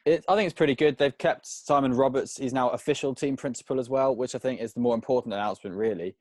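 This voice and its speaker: A man's voice: mid-range voice, fast, a little mellow, no echo. A man co-hosting a casual podcast, giving his opinions at length in long, thinking-aloud runs. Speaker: podcast co-host.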